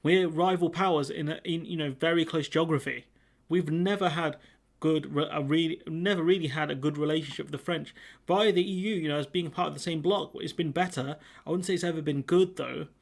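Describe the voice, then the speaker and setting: A young man comments on the news in a loose, chatty way, mocking and sarcastic as he goes. His voice sits a little higher than most men's. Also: fairly quick, creaky. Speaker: commentary channel host. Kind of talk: casual reaction commentary.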